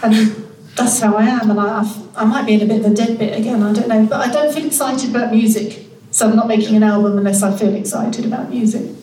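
A guest author in her sixties talks fast in a fairly high, warm voice with fairly even intonation and a nasal North London accent. She's frank and self-deprecating as she reads from her memoir, and the hall's long reverb is audible.

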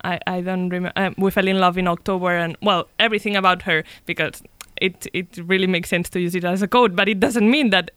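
A woman's voice: fairly low pitch, fairly even intonation, fast, hardly any pauses, a bit bright, clear, resonant tone, no room sound. A woman co-hosting a podcast, speaking earnestly and thinking aloud in casual chat. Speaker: podcast co-host.

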